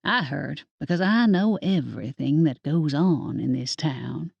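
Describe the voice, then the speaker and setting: Gruff stern witch grandma, a woman doing her. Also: low voice, very animated, measured pace, dry recording, highs cut off, heavily acted. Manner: clipped and curt.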